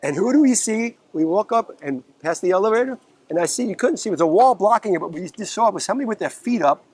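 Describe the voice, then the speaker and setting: Animated New man telling stories. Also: high-pitched, fast talker, breathy edge. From New York, the Bronx. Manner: animated, profane, acts out quotes. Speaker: musician guest. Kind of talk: casual storytelling. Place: outdoors in a city park.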